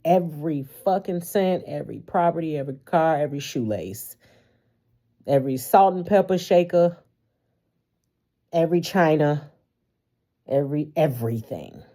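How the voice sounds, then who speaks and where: A woman's voice: sits low, lively intonation, normal speed, pauses often, mellow. A woman giving a casual tarot reading to her viewers, talking animatedly, swearing freely and laughing often. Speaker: tarot reader.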